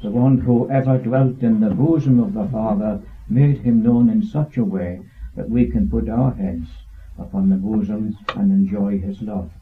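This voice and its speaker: A man's voice: fairly low pitch, moderate pace, hardly any pauses. A man taking part in a Bible study discussion, thoughtful and quoting scripture. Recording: tinny phone-like recording.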